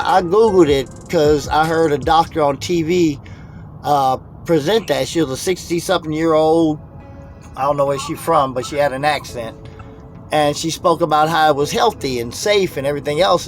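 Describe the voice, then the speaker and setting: A man's voice: on the high side, a little fast, faint music behind. A middle-aged man hosting a casual live call-in talk show, rambling in a preachy way. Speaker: host.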